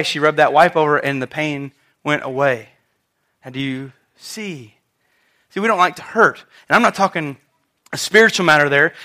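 A man preaching a sermon, telling a story with lively asides and questions to the congregation. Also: a little high.

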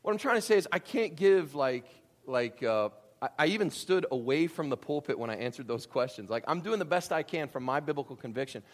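A man's voice: on the high side, lively intonation, fairly quick, hardly any pauses. A pastor speaking casually to his church during a Q and A, joking and throwing in sarcastic asides. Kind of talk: live church Q and A and sermon. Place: church sanctuary.

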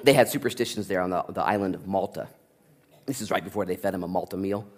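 A man's voice: low voice, fast talker, noisy background. A man preaching a sermon, telling stories with jokes and acting out the voices of the people in them. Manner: animated storytelling, acting out voices and joking. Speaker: pastor.

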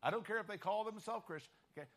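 A man's voice: high-pitched, rapid-fire, background noise. A man preaching a sermon emphatically and often checking in with his listeners.

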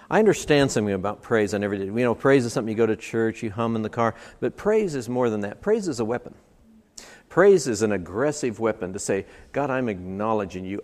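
A man's voice: fairly low pitch, darkish tone. Man preaching a sermon, emphatic, keeps stacking repeated lines, big hall echo. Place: church service. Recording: long hall reverb.

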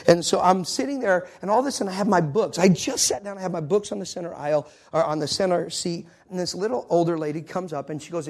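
A middle-aged male minister telling a story in a sermon, swinging from shouts down to whispers. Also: high-pitched, quick pace, hardly any pauses. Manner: animated storyteller, shouts at peaks, drops to a whisper.

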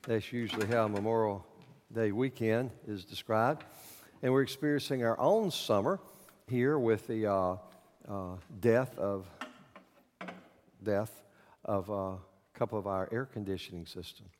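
A male pastor preaching a sermon to his congregation in a church, in a folksy, halting way with many fillers. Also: on the low side, in a large hall. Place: church sanctuary.

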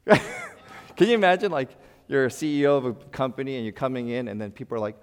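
A male pastor giving a sermon in an animated, conversational way, swinging from loud bursts to quiet asides with playful humor. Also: a little high, brisk. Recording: long hall reverb.

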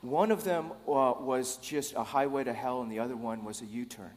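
A man's voice: mid-range voice, fairly even intonation, normal speed, darkish tone, in a large hall. A middle-aged man preaching a sermon as pastor, conversational and repeating words as he starts phrases. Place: church.

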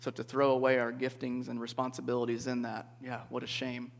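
A man's voice: medium pitch, completely flat delivery, fairly quick, vocal fry. Guy preaching casually to a group, keeps saying okay?, echoey hall. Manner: conversational, asks the group questions, tag "okay?". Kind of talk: interactive sermon. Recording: reverberant hall.

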